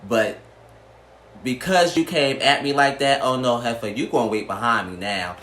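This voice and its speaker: A man's voice: medium pitch, normal speed, a bit bright. Sassy man telling a story in a roomy space. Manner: sassy, blunt, swears freely. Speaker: vlogger. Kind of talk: storytime vlog. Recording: roomy echo, faint background noise.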